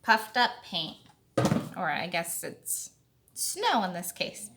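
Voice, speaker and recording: Slow, bright-voiced woman crafting tutorial. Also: lowish voice, sing-song. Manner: slow, chatty, thinking aloud while working. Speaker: card-making tutorial host. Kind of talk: casual craft tutorial talk.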